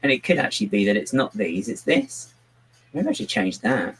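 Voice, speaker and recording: A man's voice: lowish voice, big pitch swings, normal speed, slightly rough, low-quality recording. A man chatting casually on a live stream while building, muttering to himself and to a pet on his lap. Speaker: livestreaming brick builder.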